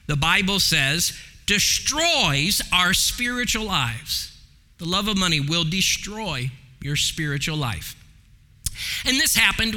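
A man preaching a sermon as pastor, emphatic and preacherly, slowing down to stress points. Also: sits high, bright, forceful tone. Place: church sanctuary. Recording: long hall reverb.

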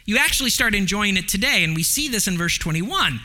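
A man preaching a sermon as pastor, animated, with big swings from excited highs to hushed lows and the odd filler. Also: brisk.

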